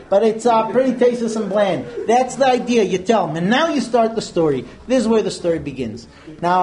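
A man in his thirties teaching an informal religious class, telling stories with quick asides and many Hebrew terms. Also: high voice, darkish tone, a little hiss or hum.

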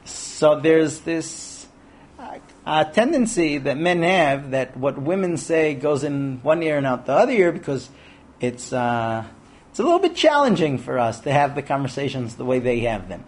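Animated rabbi teaching a class. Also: male voice, fairly high pitch, moderate pace. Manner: animated, acts out quoted voices and asks rhetorical questions. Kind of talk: lecture to a class of men.

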